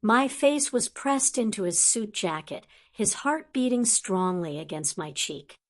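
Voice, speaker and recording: A woman narrating a first-person audiobook in a soft, measured way. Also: medium pitch, expressive.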